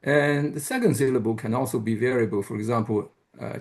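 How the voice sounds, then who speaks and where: A man's voice: medium pitch, a little fast, vocal fry, darkish tone. A man giving an academic lecture, talking hesitantly with many fillers and restarts. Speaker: guest lecturer.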